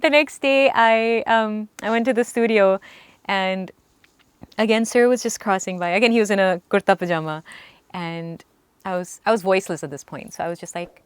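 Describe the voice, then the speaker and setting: A young woman singer recalling a story in earnest, halting speech with frequent restarts. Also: medium pitch, steady tone, clean tone, no room sound. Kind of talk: storytelling interview recollection.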